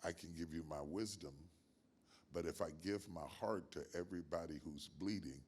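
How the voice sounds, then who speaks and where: An older man with a very low, husky voice talks as a guest pastor in an interview. He builds his points with a measured preaching cadence, leaning on repetition and emphasis. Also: darkish tone.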